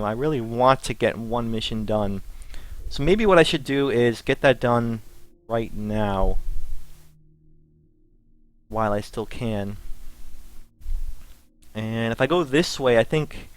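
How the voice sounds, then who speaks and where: A man's voice: medium pitch, slow pace, long pauses, dry recording. An American man streaming a game, chatting casually and answering chat while he plays. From United States. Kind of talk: casual gameplay commentary. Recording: game music playing behind. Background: game music.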